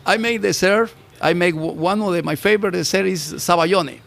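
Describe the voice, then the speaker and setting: Chef from Mexico, gravelly voice, halting English, interviewed outdoors on a rooftop. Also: male voice, sits high, a bit bright. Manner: halting, broken English with restarts. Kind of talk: casual interview. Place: restaurant rooftop bar, outdoors.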